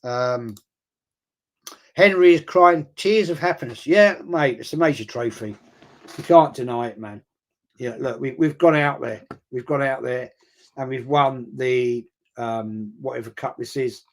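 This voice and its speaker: A middle-aged man chatting through a live football watch-along stream, rambling and excitable and swearing freely. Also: mid-range voice, unhurried.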